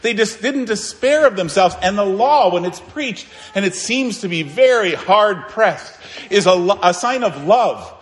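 A man's voice: high-pitched, lively intonation, a little slow, few pauses. Earnest preaching man in a reverberant church. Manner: earnest preaching with emphatic rises and sudden quiet drops. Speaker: pastor. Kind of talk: sermon. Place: church sanctuary. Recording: long reverb of a church hall.

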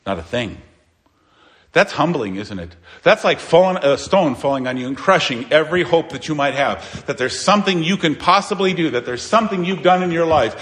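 A man's voice: a little high, expressive, a little fast, fairly bright tone. A man preaching a sermon as pastor, emphatic, asking rhetorical questions and repeating phrases.

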